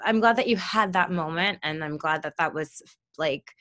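A woman in casual conversation, talking animatedly and jumping up into high excited tones at times. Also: moderate pace. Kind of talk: casual chat.

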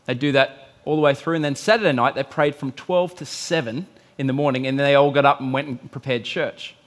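A middle-aged man preaching a sermon, telling stories and acting out quotes with big swings in pitch and volume. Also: fairly even intonation, brisk. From Australia. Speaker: pastor.

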